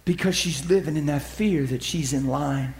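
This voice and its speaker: A man telling ministry stories in a sermon, acting out the people he quotes and dropping to a soft near-whisper at tender moments. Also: on the high side, normal speed, creaky, echoey room, background noise. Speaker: preacher. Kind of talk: storytelling sermon.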